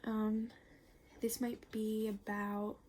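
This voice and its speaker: A young woman giving a casual tarot reading, chatty and rambling, full of fillers and the odd curse word, sometimes slipping into a soft near-whisper. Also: mid-range voice, level tone, drawn-out words, a little hiss or hum. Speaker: tarot reader.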